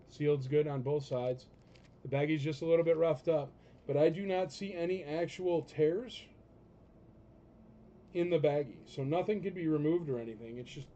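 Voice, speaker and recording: A man's voice: fairly high pitch, dark tone, dull audio, slight background noise. A man hosting a live toy auction stream, blunt and joking, ranting between lots. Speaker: auction host.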